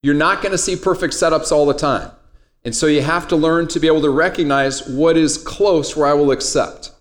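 A man's voice: a little high, fairly quick. Joking man teaching a class. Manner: casual, joking, talks to students directly. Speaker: trading instructor. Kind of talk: classroom lecture.

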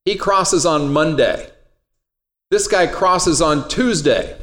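A trading instructor lectures his class in a classroom, speaking directly to his students in a casual, joking way. His voice sits on the high side, fairly bright in tone, and he talks at a slow pace.

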